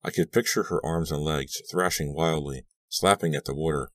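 A man narrating a horror audiobook in a measured, tense reading. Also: rumbling low, steady tone, no room sound.

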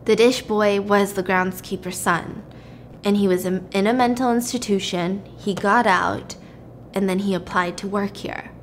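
A woman podcast host casually retelling a movie plot, chatty and animated with plenty of filler words. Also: medium pitch, a little slow, a little hiss or hum.

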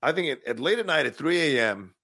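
Gravelly man chatting about movies. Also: on the high side, sing-song, brisk, sharp tone, dry recording, clean studio sound. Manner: opinionated, laughs often, rambling. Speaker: podcast co-host. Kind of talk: casual movie chat.

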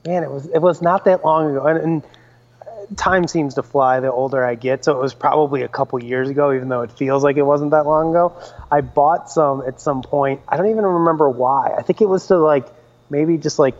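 A man's voice: a little high, fairly quick, lo-fi sound. A married man in his late thirties, co-hosting a podcast in casual chat with dry, wry humor. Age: late 30s. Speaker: podcast co-host.

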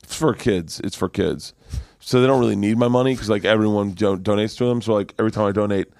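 A man's voice: fast, vocal fry, no room sound, studio quality. A comedian man chatting casually on a podcast as the guest, telling stories and jumping into comic impressions. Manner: animated storyteller, bursts into high comic impressions.

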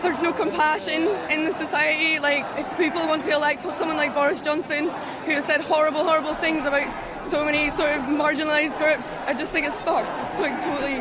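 A woman's voice: high voice, little pitch movement, a little fast, a loud crowd, heavy background noise. A woman speaking at a street protest, angry and earnest. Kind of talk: street interview.

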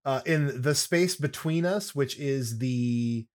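A man in casual podcast chat, rambling and joking through his asides. His voice sits at an everyday middle pitch, and his delivery is loose and conversational. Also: slow pace. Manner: chatty and jokey, with many fillers and asides. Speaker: wrestling podcast co-host.

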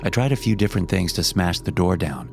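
A man narrating a first-person horror story with a measured, dramatic delivery. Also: deep voice, creaky, a little mellow. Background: music.

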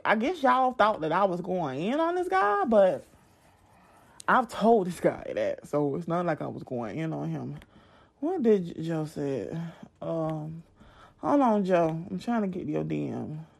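A young woman hosts her podcast in a loose, chatty way, speaking straight to her listeners. Her voice sits fairly high and swoops widely as she talks. She restarts sentences often and rambles from point to point. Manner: chatty and animated, addresses listeners directly, frequent restarts. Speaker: podcast host. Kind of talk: casual chat.

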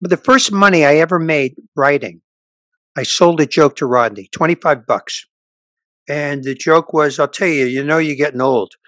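Older man, comedian guest, storytelling, slightly high voice, dry close sound. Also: normal speed, no room sound. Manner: animated anecdote teller, quotes people in voices. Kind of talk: casual storytelling interview.

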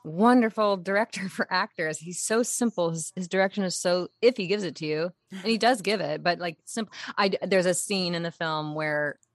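A woman actress telling a story in a casual interview, animated and laughing as she talks. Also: on the low side, moderate pace, few pauses, no room sound, clean studio sound. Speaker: actress guest.

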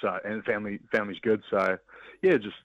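A man's voice: fairly low pitch, fairly even intonation, brisk, dry recording. Laid-back man on a dull phone line. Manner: laid-back, hesitant, lots of fillers. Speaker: phone-in guest, rugby player. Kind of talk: casual chat on a phone line.

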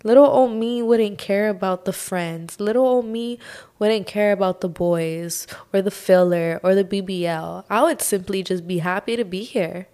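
A young woman hosting her own podcast, talking through a personal struggle in a slow, heartfelt monologue full of sighs and "like". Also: medium pitch, mellow. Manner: slow, sighing, heartfelt, says "like" often. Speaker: podcast host.

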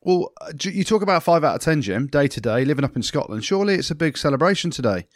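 A man's voice: fairly high pitch, very animated, quick pace, dry recording, studio quality. A man co-hosting a casual podcast, teasing his co-host and steering the talk. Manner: teasing, leading banter.

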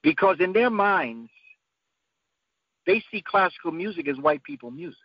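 A man giving an emphatic, preacherly talk whose voice climbs to high peaks. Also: sing-song, normal speed, gravelly, no echo. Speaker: guest speaker. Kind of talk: impassioned lecture-style talk. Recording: dull lo-fi dry sound.

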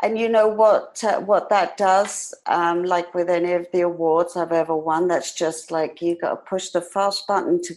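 A woman in her sixties with a British accent that carries some New York twang. She tells her stories in a lively way, acting out quoted voices and laughing often. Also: lowish voice, normal speed, hardly any pauses, poor audio. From Britain. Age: 60s. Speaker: hair industry educator and guest. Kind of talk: casual podcast interview.

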